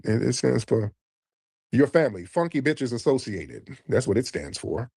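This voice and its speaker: A man's voice: mid-range voice, sing-song, normal speed, gravelly, a little mellow, breathy edge, dry recording. A man hosting a live call-in show, blunt and teasing as he orders callers around. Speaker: host.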